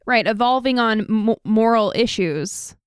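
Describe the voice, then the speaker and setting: A woman co-hosting a podcast who reads news items and comments on them earnestly. Her voice is smooth and clear, recorded dry and close to the mic. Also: a little high, animated, a little slow, no room sound. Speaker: podcast co-host. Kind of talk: casual political chat.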